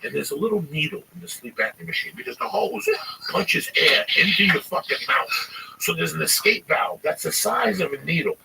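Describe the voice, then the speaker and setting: A man in his fifties from New Jersey, telling profane stories in an animated, emphatic way. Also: on the high side, normal speed, gravelly, distant mic, slight background noise, rough recording. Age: 50s. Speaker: comedian guest. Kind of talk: casual storytelling.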